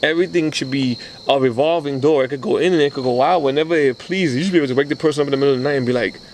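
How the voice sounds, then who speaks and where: A man's voice: medium pitch, very fast, slight background noise, rough recording. A man co-hosting a relationship podcast in casual chat, telling stories and acting out other people's voices. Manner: animated storyteller acting out quoted voices. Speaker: podcast co-host.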